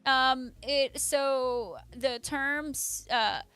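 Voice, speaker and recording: A woman's voice: high-pitched, drawn-out words, sharp tone, clear, resonant tone, faint music behind. A woman hosting a live stream, chatting casually with viewers, laughing often and answering them by name. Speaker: livestream host.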